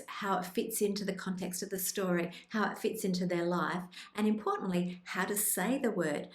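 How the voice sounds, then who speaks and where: A woman speech pathologist presenting tips in an instructional video, with a calm, clear explanatory delivery. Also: mid-range voice, roomy sound. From Australia.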